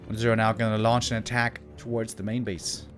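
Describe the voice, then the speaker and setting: A man's voice: lowish voice, level tone, brisk, faint music behind. A man giving live commentary on a strategy game match, chatty, exclaiming at big plays and drifting into casual asides to viewers. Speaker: esports caster.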